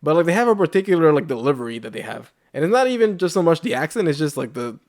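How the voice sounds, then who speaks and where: A man co-hosts a loose podcast conversation, his voice sitting a little high. He rambles, restarting thoughts and filling gaps with "like.". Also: big pitch swings, fast talker, darkish tone. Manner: rambling, heavy use of "like", frequent restarts. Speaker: podcast co-host. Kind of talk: casual chat.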